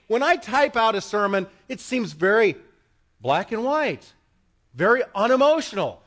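Middle-aged guy preaching in church, high lively voice, goes loud then quiet and chatty with the crowd. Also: a little slow. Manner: swings from loud proclaiming to quiet asides with the congregation. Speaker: pastor. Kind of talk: sermon. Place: church sanctuary. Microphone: microphone.

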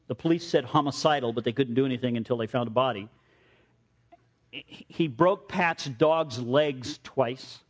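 A man preaching a sermon, telling stories in an animated way and often repeating phrases. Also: fairly high pitch. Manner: animated storytelling, repeats himself.

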